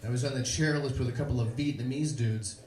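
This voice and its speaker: A man doing a stand-up set on a club stage, telling stories in a deadpan, self-mocking way. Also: medium pitch, fast talker. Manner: deadpan self-mocking storyteller, jumps into put-on voices. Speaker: stand-up comedian. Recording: echoey club with crowd noise.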